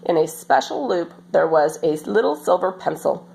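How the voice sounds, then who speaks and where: A woman reading a children's story aloud as storyteller, in an expressive, animated manner. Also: lowish voice, normal speed, gravelly, poor audio.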